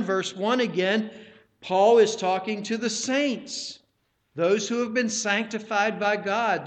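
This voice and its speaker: A male pastor delivers a sermon to his congregation. His voice sits high and he preaches at an unhurried pace. He stresses key words and speaks straight to the listeners. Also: a bit bright.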